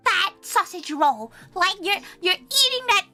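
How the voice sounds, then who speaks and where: A woman's voice: extremely high pitch, very animated, unhurried, pushed and bright, soft background music. A woman hosting a casual chat stream, giggling often and speaking of herself in the third person. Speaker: vtuber host.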